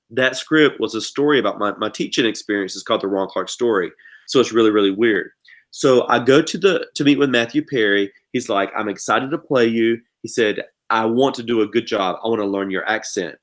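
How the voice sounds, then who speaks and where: A middle-aged man with an Eastern North Carolina accent, telling stories dramatically as a podcast guest. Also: fairly low pitch. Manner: animated, dramatic storyteller. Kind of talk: casual storytelling chat.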